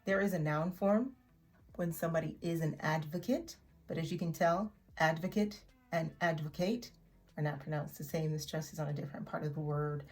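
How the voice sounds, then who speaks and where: A woman teaching an English vocabulary lesson in a chatty way, repeating words slowly for learners to echo. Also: deep voice, darkish tone, faint music behind. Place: in Oklahoma.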